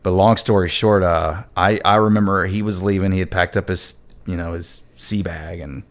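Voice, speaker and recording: A man in his thirties with a notably low voice speaks as a guest in a relaxed conversation. He talks haltingly, with frequent fillers and restarts. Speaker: podcast guest, Navy veteran. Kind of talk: casual conversation.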